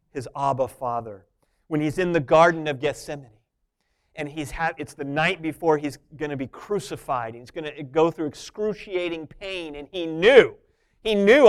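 A man preaching a sermon, moving between soft, intimate asides and loud, emphatic points. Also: a little high. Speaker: pastor.

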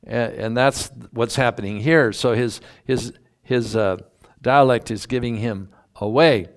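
A man's voice: medium pitch, a little slow. A man preaching a sermon, teaching through a Bible passage in a folksy, emphatic way and drawing out key words. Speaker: pastor.

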